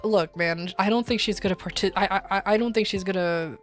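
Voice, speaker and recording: A woman streamer chatting casually and telling a story, blunt and profane, laughing often and acting out shouted lines. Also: medium pitch, a little fast, soft background music. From desert region. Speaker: VTuber streamer.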